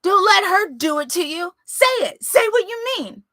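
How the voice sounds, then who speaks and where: Angry defiant teen boy, voiced by a woman reader, screams break high. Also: very animated, normal speed, dry recording, clean studio sound, heavily acted. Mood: pleading. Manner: shouting, voice cracking high.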